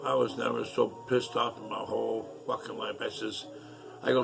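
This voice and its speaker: A man's voice: medium pitch, level tone, moderate pace, gravelly, a bit bright, slight background noise. A middle-aged man telling a rambling personal story in a casual, profane, aggrieved way.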